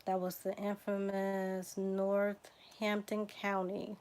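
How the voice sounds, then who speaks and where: A woman with a Southern US accent hosts a casual genealogy livestream, reading out lists of names, spelling them letter by letter, and chatting with viewers. Her mid-range voice is a little mellow, and she speaks slowly with a completely flat delivery.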